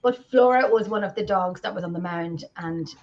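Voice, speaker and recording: Speaking at a moderate pace in a lowish voice, a woman from Ireland co-hosts a live video podcast. Her talk is loose and rambling, full of restarts, picked up over a lo-fi video call.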